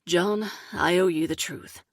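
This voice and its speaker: An earnest, direct man laying out the truth from the heart, as a woman narrator reads him. His lines come slow and soft, with a slightly husky edge. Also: high-pitched, steady tone, no echo, studio quality, exaggerated voice.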